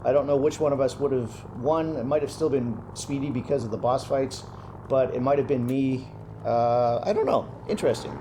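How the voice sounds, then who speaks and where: A young man giving relaxed, casual commentary over his own gameplay, thinking aloud as he plays. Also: medium pitch, moderate pace, background noise. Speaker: gaming commentator.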